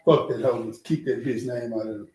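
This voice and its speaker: A man's voice: mid-range voice, a little fast, slight background noise. A man hosting a casual street talk, telling stories with lots of cursing and repeated words. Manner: animated storytelling, repeats words, heavy cursing. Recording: echoey room.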